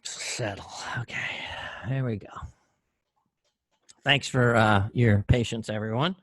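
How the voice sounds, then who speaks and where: A man hosting an online open mic over a video call, talking in a halting, unhurried way with pauses and restarts. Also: medium pitch, steady tone, fairly bright tone, no room sound. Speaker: open mic host and musician. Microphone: computer mic on a video call.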